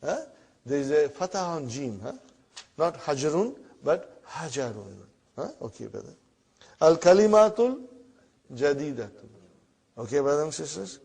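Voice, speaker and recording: A man teaching a classroom Arabic lesson in English, repeating words slowly and checking in with the students as he goes. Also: a little high, animated, gravelly, a little mellow, breathy edge. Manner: repeats words slowly, often asks "huh?" and "brother".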